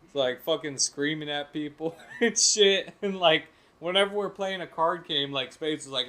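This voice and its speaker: A man's voice: fairly high pitch, animated, moderate pace, sharp tone. A man co-hosting a podcast in casual chat, teasing and laughing often. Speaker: podcast co-host.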